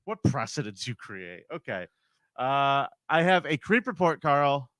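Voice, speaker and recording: A man's voice: medium pitch, very animated, measured pace, fairly bright tone, no echo. Blunt swearing male podcast co-host. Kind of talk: casual chat.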